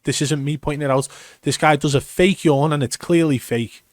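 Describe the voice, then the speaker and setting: A man's voice: a little high, moderate pace, no room sound. Emphatic man breaking down gameplay. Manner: emphatic, explaining step by step. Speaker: gaming commentator. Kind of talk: video breakdown commentary.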